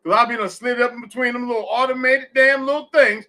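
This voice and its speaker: A middle-aged man with a high, bright voice hosts a casual live audio discussion. He talks bluntly and curses freely, telling stories in a plain, direct way. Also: fairly even intonation, fast, a little hiss or hum. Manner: blunt, profane storytelling. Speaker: host.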